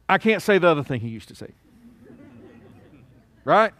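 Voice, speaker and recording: Preacher guy, smooth clear voice, slow, drops quiet then gets loud and urgent. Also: fairly high pitch, very animated, dry recording. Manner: swings from hushed solemn to loud urgent pleading. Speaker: pastor. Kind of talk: sermon.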